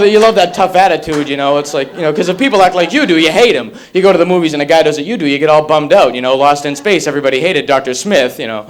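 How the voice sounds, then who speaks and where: Fast-talking young stand-up comedian. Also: male voice, a little high. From Massachusetts, USA. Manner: rapid-fire, wry delivery with frequent silly voices.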